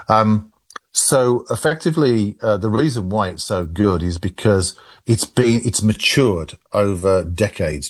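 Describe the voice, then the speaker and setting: Husky low-voiced English man. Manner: rambling with many restarts and laughs. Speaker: AI expert guest. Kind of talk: radio call-in discussion.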